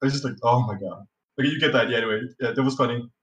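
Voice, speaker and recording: Racing through his words in a medium-pitched, slightly bright voice, a Danish-native man recounts a tabletop game story as a podcast guest. The casual telling rambles, with frequent fillers, restarts and profanity. He's recorded slightly off-mic in an echoey room.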